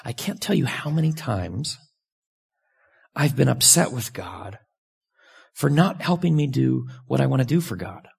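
A pastor preaching in a loose, conversational way, his voice heavy with gravel and grit. The tone runs husky and a little rough, and now and then he leaps upward in pitch for emphasis. It is a man speaking frankly to a congregation. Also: unhurried, pauses often. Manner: conversational and candid, with sudden lively jumps in pitch. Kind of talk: sermon.

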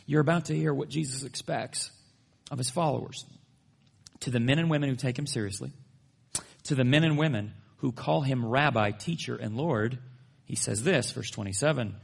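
Gravelly-voiced man preaching a sermon. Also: medium pitch. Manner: storytelling, playful humorous asides. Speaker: pastor.

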